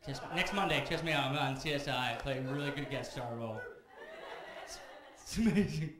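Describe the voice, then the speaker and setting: A young man performing a stand-up comedy set on a club stage, rattling off lists and building to loud rants. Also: mid-range voice. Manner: rapid-fire, builds to shouting rants. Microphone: handheld stage mic. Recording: echoey club room, audience noise. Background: audience laughter.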